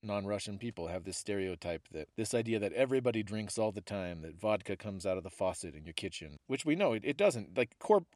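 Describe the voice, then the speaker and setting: A man co-hosting a podcast, telling animated stories and laughing often. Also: fairly low pitch, fairly quick, few pauses, no room sound, studio quality. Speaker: podcast co-host. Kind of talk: casual storytelling chat.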